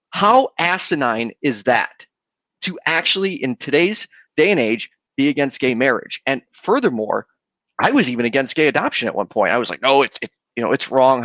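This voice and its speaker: A young man, a podcast host, telling his own story with earnest, halting restarts. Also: mid-range voice, a bit bright, no echo, muffled recording. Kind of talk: casual conversation.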